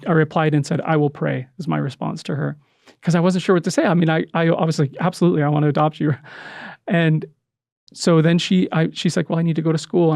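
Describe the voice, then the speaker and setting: A middle-aged man telling an emotional personal story in conversation, earnest and halting, with many restarts. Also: on the high side, gravelly, darkish tone, no echo, clean studio sound. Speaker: podcast guest, adoptive father.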